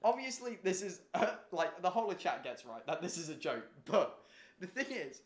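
A man hosting a stream in casual chat, excitable and quick to swear and laugh. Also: high voice, echoey room. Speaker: streamer host.

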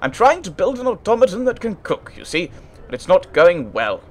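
A man voicing a cheerful, blustering upper-class English gentleman inventor with a plummy accent. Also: sits high, sing-song, normal speed, pitched above the performer's own voice. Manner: jolly, blustering, old-chap bluster.

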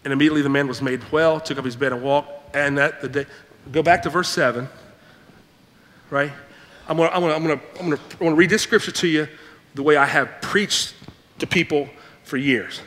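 Pastor guy preaching, high bright voice, animated, acting out quotes, big churchy reverb. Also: brisk. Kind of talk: sermon. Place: church sanctuary.

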